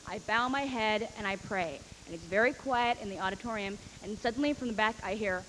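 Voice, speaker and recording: A woman's voice: mid-range voice, a little fast, a bit bright, big-room sound, slight background noise, poor audio. A woman doing a stand-up comedy routine, telling brash, profane, rambling stories and acting out other people's voices. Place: comedy stage before a live audience.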